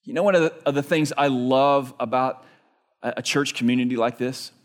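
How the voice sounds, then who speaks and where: A man's voice: mid-range voice, a little fast. A male pastor preaching a sermon in a church, telling stories conversationally with frequent "right?" asides.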